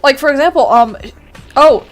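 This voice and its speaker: Woman streamer rambling to chat, kinda high voice, swears a lot. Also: normal speed. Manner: chatty, swears freely, frequent laughter. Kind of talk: casual livestream chat.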